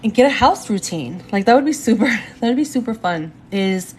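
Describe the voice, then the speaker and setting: A woman's voice: fairly high pitch, expressive, moderate pace, darkish tone, a little hiss or hum. A young woman doing a live astrology reading from home on her phone, chatty and addressing viewers directly, often going off on tangents. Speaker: astrology reader. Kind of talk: live-stream reading, casual chat.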